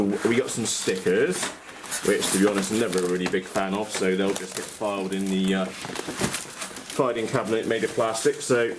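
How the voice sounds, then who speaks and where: A man's voice: mid-range voice, background noise. A man giving casual, blunt unboxing commentary on radio-control models, with plenty of fillers and restarts. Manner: chatty, blunt, frequent uh fillers and self-corrections. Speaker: RC model hobbyist vlogger.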